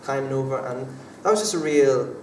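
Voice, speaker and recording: A man's voice: medium pitch, fairly quick. A young man, a drama student, answering interview questions in a casual, hesitant way with many fillers and restarts. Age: young adult. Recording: echoey room from far off, faint background noise.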